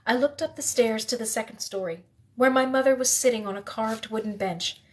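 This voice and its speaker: A woman reading a novel aloud in the first person, steady, with the odd slip she corrects. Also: a little high, brisk. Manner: steady reading with occasional slips and self-corrections. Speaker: reader.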